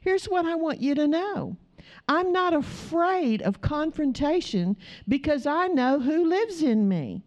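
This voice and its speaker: A middle-aged woman telling a story in a sermon, acting out the dialogue as a lively storyteller. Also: sits high, unhurried. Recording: dull, slightly muffled recording.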